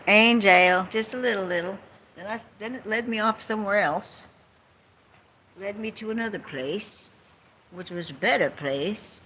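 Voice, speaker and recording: Sarcastic lady vlogging from her couch, rambles and swears, slow easy talk, bright clear voice, faint room hum. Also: mid-range voice. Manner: sarcastic, swears, mocks people in put-on quotes, laughs often; jumps between topics. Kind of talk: rambling casual chat. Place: home, on couch or bed.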